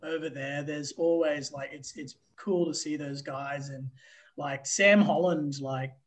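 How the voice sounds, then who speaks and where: A man with an Australian accent, a baseball umpire telling stories as a guest, animated and full of fillers. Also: fairly high pitch, measured pace, poor audio. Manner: animated, filler-heavy storytelling with swearing. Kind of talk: casual interview storytelling.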